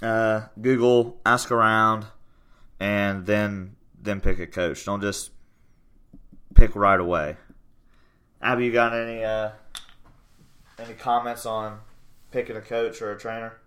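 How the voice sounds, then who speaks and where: Bright, clear-voiced male coach. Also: on the low side, unhurried, pauses often. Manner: loud and excitable, bursts into yelling. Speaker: podcast host and strength coach. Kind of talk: casual podcast chat.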